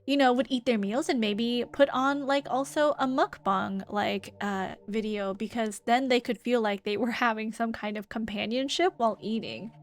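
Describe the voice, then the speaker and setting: A woman streamer speaks American English with a light New Zealand tinge, her voice a little high and her pace normal, with hardly any pauses. She rambles casually while reading and answering chat, full of "like" and "um".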